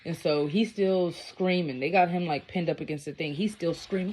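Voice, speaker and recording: Low-voiced woman telling a story bluntly. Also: normal speed, few pauses, darkish tone, slight background noise. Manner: blunt, profane, rambling. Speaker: vlogger. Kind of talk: casual storytelling.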